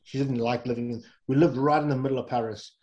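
A middle-aged man from England with a warm, mellow voice spins loose, rambling stories as an interview guest. He wanders through fillers and self-corrections in an easygoing, conversational way. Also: medium pitch, fairly even intonation, fast talker, dull audio. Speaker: guest, former rugby player. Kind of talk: casual anecdotal storytelling.

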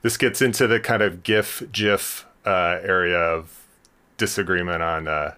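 A man's voice: sits low, moderate pace, pushed and bright, clear, resonant tone. A man hosting a science podcast interview, talking casually with frequent ums and restarts. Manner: hesitant, many ums and restarts. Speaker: podcast host.

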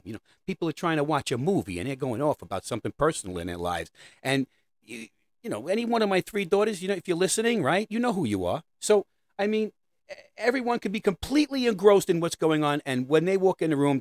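A man's voice: a little high, very animated, fast. A middle-aged man delivering a rambling, sarcastic comedic monologue about parenting. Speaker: comedic host.

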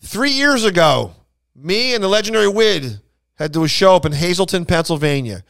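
A man's voice: high-pitched, animated, brisk, vocal fry, fairly bright tone, clear, resonant tone. A man who is a comedian telling rambling anecdotes on a casual podcast, full of restarts and acted-out quotes. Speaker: stand-up comedian and podcast co-host. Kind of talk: casual storytelling chat.

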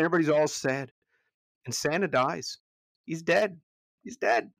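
A pastor chatting casually on a podcast about a movie, animated, often restarting and repeating words as he goes. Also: measured pace, vocal fry, long pauses, no echo. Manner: animated, jumps high when retelling scenes.

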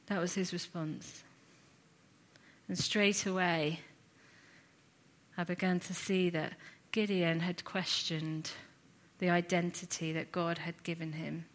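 A woman teaching a sermon series, retelling a scripture story in an earnest, reflective way with lively asides. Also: lowish voice. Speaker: Bible teacher.

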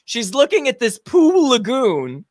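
A middle-aged woman telling a funny story in casual chat, animated and rising to shouts at the big moments. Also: a little high, a little slow, no echo, clean studio sound. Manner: animated, builds to shouting peaks at the punchlines.

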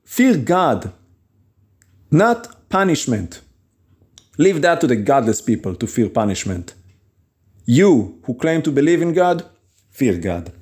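Emphatic man preaching with a mellow voice. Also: fairly high pitch, big pitch swings. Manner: earnest, emphatic, with quick chuckles and acted quotes. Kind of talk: podcast sermon.

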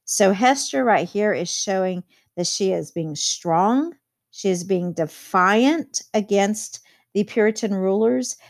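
A woman's voice: medium pitch, slow. A woman teacher explaining a novel chapter to her students, reading quotes aloud and adding plain commentary.

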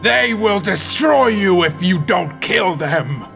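A menacing demon double, voiced by a man, drags out each command in a slow, looming, higher-than-usual voice, pressing and cruel. Faint music plays behind it in this storybook production. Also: expressive, creaky, pushed and bright, exaggerated voice. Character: malevolent demon mirror double of a young hero.

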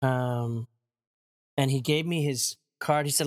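Speaking slowly with frequent pauses in a medium-pitched voice, a pastor in his forties sits as a guest in a casual interview, an animated storyteller who mimics the people he quotes and laughs readily.

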